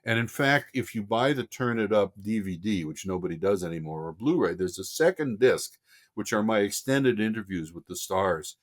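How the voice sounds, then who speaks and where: An older man, a film director guest on a podcast, telling a lively story and acting out voices. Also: on the low side, normal speed. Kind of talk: casual anecdote telling.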